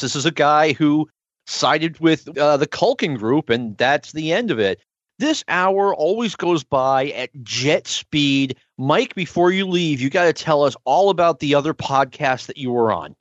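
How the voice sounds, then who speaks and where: A man's voice: fairly high pitch, animated, unhurried, no echo. A man hosting a podcast, answering his guest with brief, agreeable remarks. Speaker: podcast host. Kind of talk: casual interview chat. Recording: dull lo-fi dry podcast audio.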